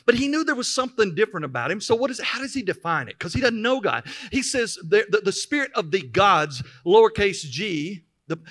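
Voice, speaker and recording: Male pastor, high and bright, mid-sermon, reads scripture, stops to explain it. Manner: reads scripture then pauses to explain with emphatic asides.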